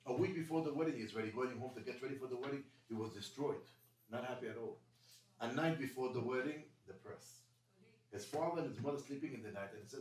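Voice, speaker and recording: A rabbi rattles through a story at speed, animated and in broken English. His voice echoes around a roomy space, picked up from a distance, with faint ambience behind him. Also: medium pitch, fast talker, a little hiss or hum. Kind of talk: storytelling talk to a congregation.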